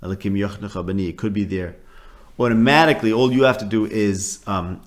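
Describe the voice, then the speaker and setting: A man teaching a casual Torah lesson, talking in a conversational way that mixes Hebrew terms into English, with frequent ums and restarts. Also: fairly low pitch. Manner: animated, voicing quoted speakers.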